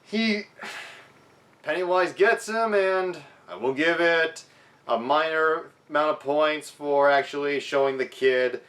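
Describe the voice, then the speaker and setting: A man's voice: fairly high pitch, slow pace, fairly bright tone. A young man reviewing a film in a casual vlog, sounding frustrated as he criticizes it. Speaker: movie reviewer.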